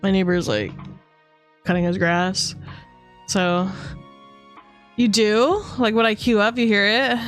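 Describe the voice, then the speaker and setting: A woman's voice: medium pitch, steady tone, slow pace, pauses often, faint music behind. A young woman from Canada chatting casually on a livestream, rambling with lots of fillers and swearing freely. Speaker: streamer.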